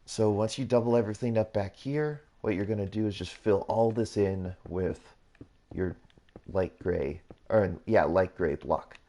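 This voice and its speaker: Brief: male gaming YouTuber, mellow deep voice, loose self-correcting tutorial chatter. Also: a little slow. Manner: rambling, repetitive, self-correcting. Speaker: YouTuber hosting a gaming channel. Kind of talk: casual build tutorial commentary.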